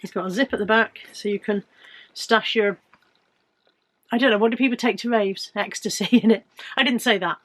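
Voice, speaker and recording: A woman's voice: medium pitch, normal speed, pauses often, a bit bright. A woman in her fifties with a British accent, chatting casually and joking at her own expense as she shows off her finds. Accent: British English. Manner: chatty, self-mocking humour. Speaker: reseller vlogger. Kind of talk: casual chat.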